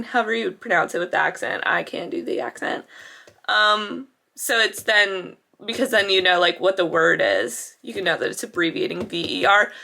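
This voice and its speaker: A woman's voice: mid-range voice, bright, forceful tone. A young woman student chatting casually to camera in a vlog, rambling with lots of fillers. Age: young adult. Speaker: student vlogger.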